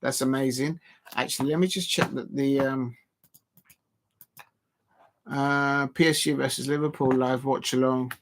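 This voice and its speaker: A man's voice: medium pitch, fairly even intonation, a little slow, pauses often. A man hosting a live football watch-along, chatting loosely to viewers and filling gaps with ums and restarts. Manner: rambling, full of fillers and restarts, talking to chat viewers.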